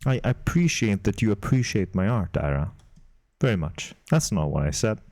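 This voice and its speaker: A man's voice: on the low side, sing-song, normal speed, a little mellow, dry recording. A man streaming while he works, chatting casually with his viewers in a playful, dry, teasing way and chuckling now and then. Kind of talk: casual live-stream chat while working.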